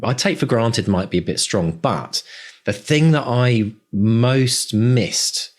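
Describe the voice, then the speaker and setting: A man's voice: medium pitch, slow. A man co-hosting a podcast, talking in an effusive, rambling, grateful way. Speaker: podcast co-host. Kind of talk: casual podcast chat.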